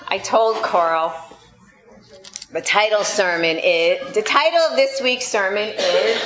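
A woman's voice: medium pitch, slow, fairly bright tone, a little hiss or hum. A woman from New York preaching a sermon, telling stories with playful sarcasm. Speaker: pastor. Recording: echoey room, slightly dull sound.

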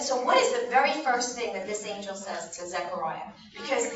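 A woman's voice: medium pitch, lively intonation, normal speed, crowd noise. A woman in her fifties teaching a children's Bible lesson. She tells the story with animation and keeps asking the children questions. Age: 50s. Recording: echoey room, distant dull mic, noisy.

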